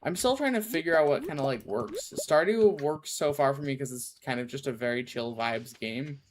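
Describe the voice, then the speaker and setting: A man's voice: medium pitch, expressive, normal speed, noisy background. A man chatting casually on a game stream, rambling and goofy, often stopping to restart his sentences. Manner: rambling, self-interrupting, goofy asides. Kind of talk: casual chat while gaming.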